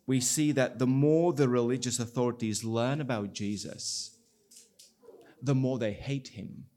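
A man pastor preaching a sermon, telling the story in an animated way and acting out the people's lines. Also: medium pitch, measured pace. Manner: animated storytelling with acted-out dialogue.

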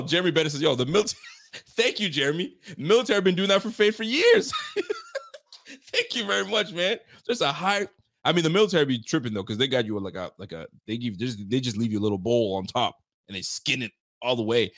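A man hosting a casual live stream, reacting with incredulous, animated talk and frequent laughter. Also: mid-range voice, dry recording, studio quality. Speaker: show host.

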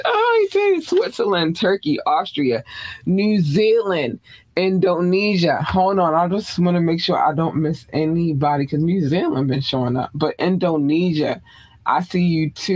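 A radio show host giving casual, effusive on-air shout-outs, rambling through lists of countries with fillers. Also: medium pitch.

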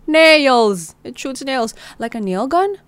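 A woman's voice: mid-range voice, expressive, brisk, no room sound, lightly acted. Woman voicing a frightened young college woman. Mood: alarmed. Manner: urgent, pleading.

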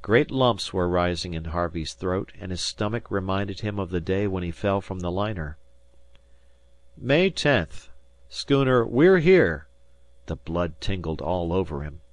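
A man reads a classic novel aloud as an audiobook, his voice on the low side and his delivery measured and even. The recording is dry and close, with no room around it. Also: no echo. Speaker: audiobook narrator. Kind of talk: scripted narration.

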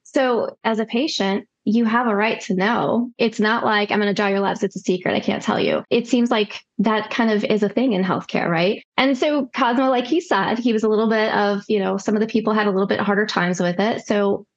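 A woman nurse practitioner telling a story casually, acting out quoted dialogue with lively voices. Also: medium pitch, fairly quick, few pauses, muffled recording.

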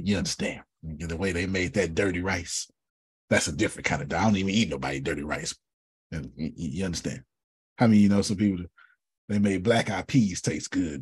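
A man's voice: sits low, a little mellow, breathy edge, no echo. A man hosting an online workshop in a casual, joking teaching style, often repeating himself for emphasis, heard over a video call.

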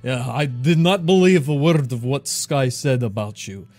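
A man's voice: mid-range voice, animated, normal speed, a little mellow, no echo, soft background music, close to an everyday voice. A man voicing a jovial male innkeeper who heaps hearty praise on the heroes. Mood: effusive.

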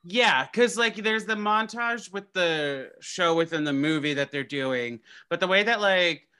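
A young man, a podcast guest, chatting casually in an animated, rambling way with many restarts. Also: sits high, unhurried, clean tone. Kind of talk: casual chat.

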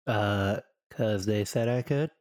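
A man playing a tabletop game, answering in a deadpan, joking way. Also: lowish voice, slow. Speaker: player. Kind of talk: casual tabletop game chat.

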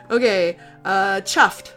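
A woman's voice: medium pitch, extremely slow, bright, forceful tone, faint music behind. A woman hosting a podcast in casual chat, self-mocking and laughing often. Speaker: podcast host.

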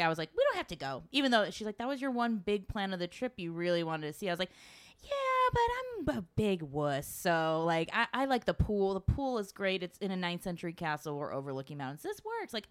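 In a lowish, clear and resonant voice, a woman shares a travel tale casually, swearing freely. She's lively in the telling and acts out the quotes of those involved.

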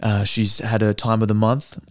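A man's voice: lowish voice, level tone, moderate pace, a little mellow, no room sound, clean studio sound. A man in his twenties with an Australian accent, telling stories in casual chat, swearing freely and full of fillers. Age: 20s. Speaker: podcast co-host, actor and comedian.

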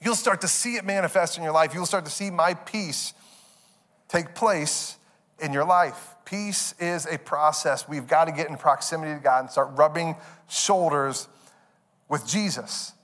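A man's voice: a little high, unhurried, fairly bright tone. A male pastor preaching a sermon in a conversational way, repeating phrases and acting out little asides.

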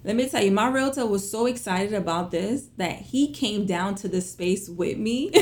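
A woman speaks straight to her viewers in a casual storytelling vlog. Her voice sits at a middle pitch. It rises and falls sharply as she relives the story, in loose, everyday phrasing. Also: normal speed. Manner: emotional, animated retelling with big pitch swings; conversational, colloquial phrasing. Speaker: small business owner.

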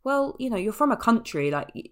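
A woman's voice: fairly high pitch, sing-song, brisk. A woman speaking in an articulate, thoughtful, critical way as a podcast co-host in a casual film-review chat.

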